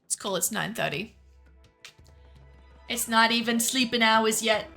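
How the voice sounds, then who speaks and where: A woman's voice: on the high side, unhurried, gravelly, pushed and bright, faint music behind. A woman streamer chatting casually while playing a video game, giggly, self-mocking and swearing freely. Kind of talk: casual gameplay commentary.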